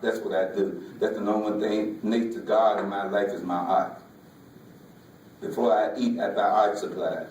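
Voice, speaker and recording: A man, a folk artist, giving an emotional personal talk in a halting way, often repeating words, with Southern vernacular. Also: lowish voice, darkish tone, a little hiss or hum. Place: museum lecture hall. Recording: echoey hall, voice from far off.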